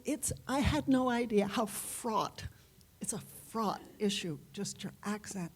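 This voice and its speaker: A woman being interviewed as a guest author, answering in an unhurried, reflective way with pauses and fillers. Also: medium pitch, lively intonation, slightly rough. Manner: unhurried, reflective, halting with fillers and light laughs.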